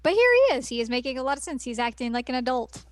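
A young woman co-hosting a casual anime podcast, giggly and expressive as she chats. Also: high voice, racing, no echo. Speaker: podcast co-host. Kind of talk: casual anime recap chat.

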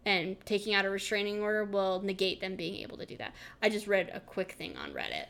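A woman co-hosting a podcast in casual chat, telling animated stories and acting out other people's voices with big jumps in pitch. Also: fast talker, creaky, slight background noise. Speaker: podcast co-host.

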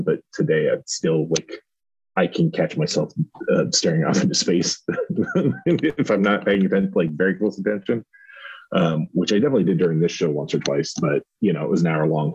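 A man's voice: deep voice, darkish tone, breathy edge, highs cut off. A man from Southern Indiana co-hosting a podcast, reviewing a show in casual chat and hedging with many restarts. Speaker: podcast co-host.

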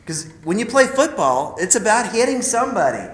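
A man delivers a sermon-like talk to a room of men, calling them "guys" and sharing a personal story in a loose, conversational way. His voice sits a little high for a man. The room echoes, with a faint ambient hum behind him. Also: big pitch swings, fairly quick, hardly any pauses, fairly bright tone. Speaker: speaker at a men's ministry.

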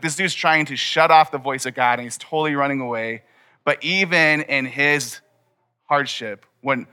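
A man's voice: mid-range voice, bright, forceful tone, smooth. A young man preaching a sermon to his congregation in a casual, conversational way. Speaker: pastor. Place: church hall before a congregation.

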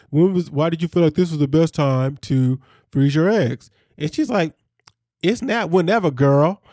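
Animated podcast guy, kinda high voice, dry close sound. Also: no room sound. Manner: animated, jokey, quick asides. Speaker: podcast co-host. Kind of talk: casual chat.

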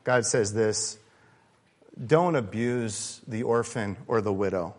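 A man preaching a sermon in a conversational, candid way, swinging between loud emphasis and quiet asides. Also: fairly low pitch, takes it slowly. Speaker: pastor.

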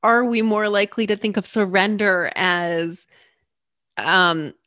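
A woman in a solo podcast talks slowly and thoughtfully, often slipping into little acted-out inner voices. Her voice sits in a middle pitch and the sound is dry and close, with no room around it. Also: no echo. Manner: reflective, animated, acts out her own inner voice. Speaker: podcast host.

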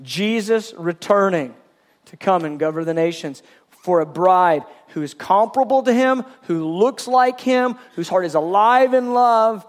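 Fervent high-voiced male preacher. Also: animated, measured pace. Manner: fervent, emphatic, with repeated restarts. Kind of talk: sermon teaching.

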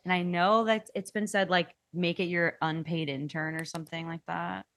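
A woman's voice: on the low side, little pitch movement, moderate pace, a bit bright, no echo. Woman, podcast co-host, earnest, self-interrupting, casual chat, dry room.

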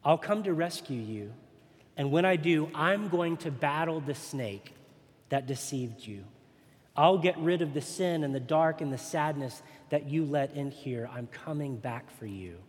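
A man voicing a tender, sorrowful God in a storybook read-aloud, speaking gently. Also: fairly high pitch, expressive, a little slow. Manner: gentle and hushed. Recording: long reverb in a large hall.

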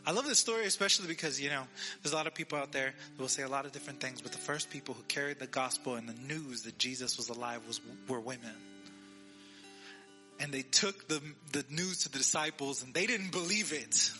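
A man's voice: mid-range voice, fairly quick, bright, forceful tone, soft background music. A man preaching a sermon as pastor, telling a story and acting out the quoted lines, asking listeners to repeat after him. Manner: asks the audience to repeat.

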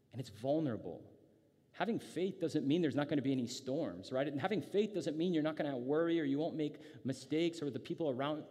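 A male pastor preaching a sermon in a relaxed, conversational way, restarting phrases often and reading scripture aloud. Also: mid-range voice, husky. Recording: long hall reverb.

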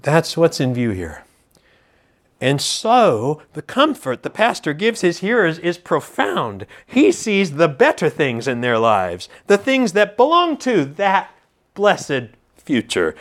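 A man preaching an expository sermon to a congregation, teacherly and animated, joking with the room. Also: a little high, slow pace.

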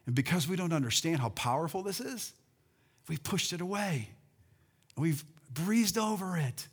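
This is a male pastor with a high voice, preaching a sermon in a church sanctuary. He is animated and calls on his congregation, and his delivery swings from loud to soft. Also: moderate pace, husky. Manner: animated preaching with call-and-response and swings in loudness.

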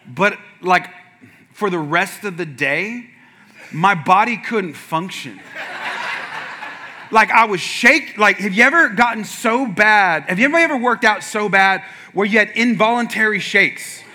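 High, bright-voiced pastor telling stories. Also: male voice, a little slow, long pauses. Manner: animated, acts out quotes with sudden shouts. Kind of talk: humorous sermon storytelling.

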